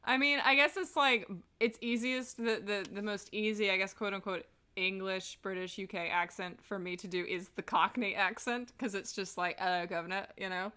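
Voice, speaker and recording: A woman's voice: mid-range voice, steady tone, moderate pace, hardly any pauses, pushed and bright, clean tone. A woman streaming a game, chatting casually with rambling, giggly asides.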